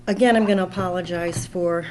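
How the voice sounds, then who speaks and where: A woman's voice: fairly low pitch, steady tone, a little fast, darkish tone, slight background noise. A woman from making an emotional, rambling public comment at a town board meeting, speaking into a podium microphone. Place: town hall meeting room.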